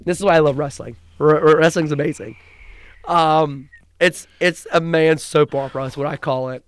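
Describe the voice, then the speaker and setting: A young man co-hosting a podcast, recapping wrestling in an excited, rambling way with frequent restarts. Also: on the high side, moderate pace. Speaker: podcast co-host. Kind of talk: casual chat.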